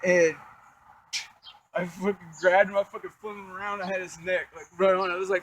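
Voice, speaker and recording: A man's voice: high-pitched, little pitch movement, fairly quick, a bit bright, slight background noise, poor audio. A young man telling a crude life story in a casual, rambling, profane way, full of fillers.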